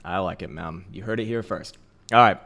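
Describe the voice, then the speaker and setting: Man, crypto stream host, casual chat, cursing, laughing asides, lowish voice. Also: a little fast, sharp tone. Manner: loose, profane, laughing asides. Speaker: crypto trading livestream host.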